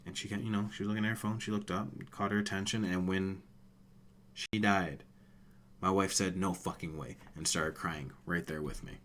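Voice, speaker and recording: A man's voice: deep voice, steady tone, normal speed, fairly bright tone. A man in his thirties co-hosting a casual gaming podcast, emotional and swearing often. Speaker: podcast co-host.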